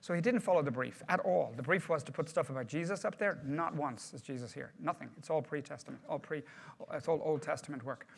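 Male trainer, brisk delivery, slightly high voice, chatty presenter who quizzes the room. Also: vocal fry, husky. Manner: conversational, questions the audience. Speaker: project management trainer. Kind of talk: workshop presentation to a group.

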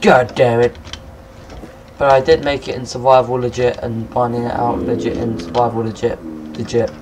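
A young man giving casual, rambling let's-play commentary, excitable and swearing at monsters. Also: medium pitch, normal speed, noisy background. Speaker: gameplay commentator.

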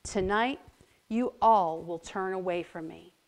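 Woman playing a gentle male teacher, soft, sweet, quiet, calm. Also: medium pitch, a little slow, voice pushed down, lightly acted.

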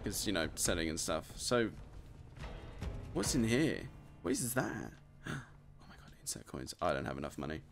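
Excitable British gamer narrating play. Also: male voice, low voice, moderate pace, gravelly, over music. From United Kingdom. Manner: excitable, laughing, chatty. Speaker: gamer, channel host. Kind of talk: casual let's-play commentary.

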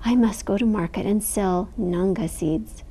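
A woman's voice: medium pitch, a little slow, dark tone, husky. A woman voicing a worried mother of twin girls, speaking earnestly. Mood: anxious.

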